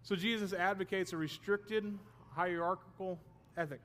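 A man's voice: sits high, fairly even intonation, moderate pace, fairly bright tone, a little hiss or hum. A man teaching a Bible study class, explaining terms and checking that his students follow, with the odd self-deprecating joke.

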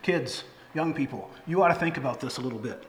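A man's voice: mid-range voice, expressive, fairly quick, slight background noise. A middle-aged man, a pastor, preaching a sermon in a conversational way, with fillers and restarts. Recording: echoey hall with faint ambience.

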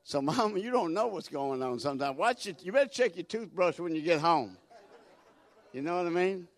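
A man preaching a sermon as a guest speaker, telling folksy stories, repeating words and building to loud emphatic peaks. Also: a little high, lively intonation, a little fast.

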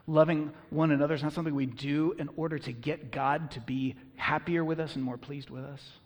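A man's voice: fairly high pitch, fairly even intonation, a little fast, darkish tone. Man preaching in an echoing hall. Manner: earnest, emphatic preaching with rhetorical questions. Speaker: pastor. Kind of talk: sermon.

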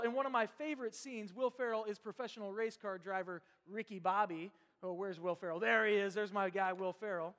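A man preaching a sermon as pastor, telling stories with a joking, lively manner. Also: high voice. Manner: lively, jokey storytelling. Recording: long hall reverb.

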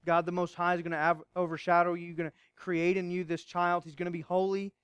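A man pastor preaching a sermon, emphatic at times and hushed at others, asking rhetorical questions. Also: high voice, little pitch movement, fairly quick, clear, resonant tone, no room sound.

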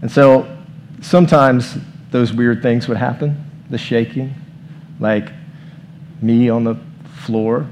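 Pastor, man, mid-pitched, casual sermon delivery, light background hiss. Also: a little mellow. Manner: informal, leads the room in prayer. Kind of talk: conversational sermon.

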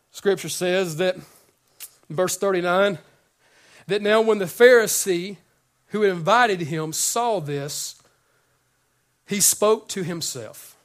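High-voiced man preaching a lively sermon. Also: slow pace. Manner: conversational, joking, repeats words when excited. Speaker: pastor.

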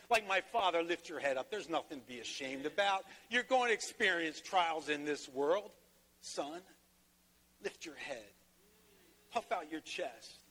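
A man's voice: medium pitch, a bit bright. A man pastor preaching a sermon, telling a personal story and rising to emphatic peaks. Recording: long hall reverb.

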